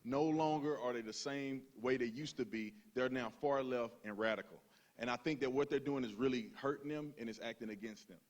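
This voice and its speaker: A man's voice: medium pitch, fairly quick, a little hiss or hum. A man speaking on a stage panel in a plain, earnest way.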